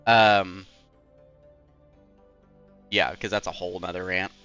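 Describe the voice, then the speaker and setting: A man's voice: sits low, steady tone, slow pace, sharp tone, smooth, highs cut off, faint music behind. A young man streaming a game, chatting casually in a rambling, filler-heavy, self-deprecating way. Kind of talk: casual live-stream chat.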